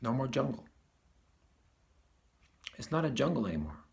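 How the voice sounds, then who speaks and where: A man's voice: medium pitch, big pitch swings, normal speed, creaky. A man giving a casual spiritual talk as a teacher, often restarting phrases and chuckling at his own points.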